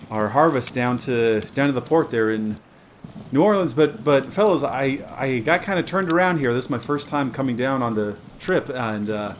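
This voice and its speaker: Man playing a naive farm boy, stammering and hesitant, mid pitch, faint hiss behind. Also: natural voice. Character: naive young farmer man on a barge.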